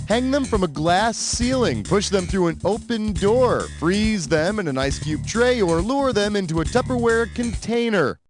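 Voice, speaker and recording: A man voicing a brash, sarcastic quiz show host in a comedy trivia game. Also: high-pitched. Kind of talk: video game voice acting. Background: game music.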